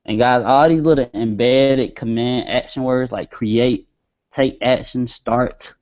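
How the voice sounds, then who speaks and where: A man hosting a marketing webinar, talking casually and slowly dictating words as he types. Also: medium pitch, fairly even intonation, a little mellow. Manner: casual, talks while typing, stretches words as he dictates. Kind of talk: screen-share tutorial. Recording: dull lo-fi webinar audio.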